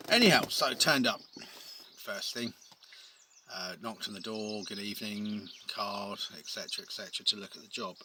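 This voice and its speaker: Man, painter, rambling casual storytelling, low-pitched voice, loud outdoor noise and birdsong behind. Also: normal speed. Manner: chatty, rambling, wry asides with many ums. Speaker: painter and decorator.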